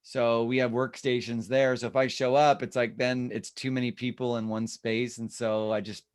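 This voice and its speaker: A man's voice: mid-range voice, flat delivery, moderate pace, clear, resonant tone, no room sound, studio quality. A man leading an online real estate class from his home office, chatty and rambling, over a video call. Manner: chatty, rambling, self-deprecating.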